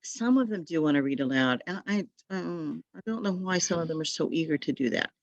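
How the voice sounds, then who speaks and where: A woman leading a tutor training session over a video call, giving advice in a chatty way with quick asides. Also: low-pitched, expressive, dry recording, dull audio.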